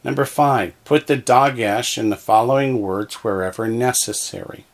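A man's voice: medium pitch, moderate pace. A man teaching a language lesson, patiently saying each word twice so that listeners can repeat after him. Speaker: Hebrew teacher. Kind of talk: slow, deliberate language lesson.

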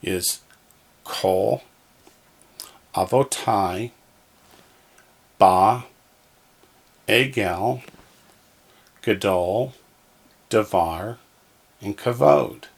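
A man's voice: fairly low pitch, extremely slow, creaky, pauses often, breathy edge. A man teaching a language lesson, patiently saying each word twice so that listeners can repeat after him. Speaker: Hebrew teacher. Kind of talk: slow, deliberate language lesson.

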